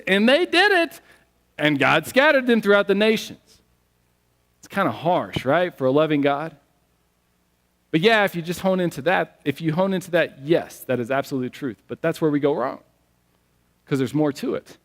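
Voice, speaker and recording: A man preaching a sermon as pastor, telling stories in an animated, conversational way. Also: sits high, moderate pace. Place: church sanctuary. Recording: long church hall reverb.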